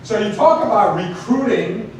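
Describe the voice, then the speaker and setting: A man giving a motivational talk to an audience, telling stories with animated asides. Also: high voice, normal speed. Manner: storytelling, animated, many asides like "right?". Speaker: motivational speaker. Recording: echoey hall from far off, noisy.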